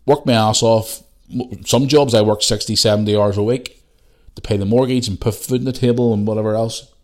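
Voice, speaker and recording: A man's voice: fairly low pitch, fairly even intonation, a little fast, darkish tone. A man in his forties from the UK, hosting a podcast and telling a long personal story in a heated, profane way. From United Kingdom. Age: 40s. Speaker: podcast host. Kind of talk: casual monologue.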